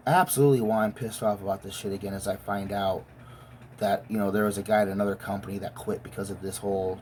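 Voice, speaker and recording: A woman's voice: a bass voice, quick pace, a little mellow, a little hiss or hum. A woman giving a blunt, profane, emotionally intense rant as a vlogger. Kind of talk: profane ranting monologue.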